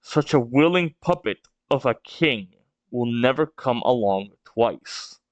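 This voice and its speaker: A man's voice: mid-range voice, expressive, takes it slowly, no room sound, muffled recording. A man reading as a cold, imperious ancient ruler. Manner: haughty, archaic formal speech.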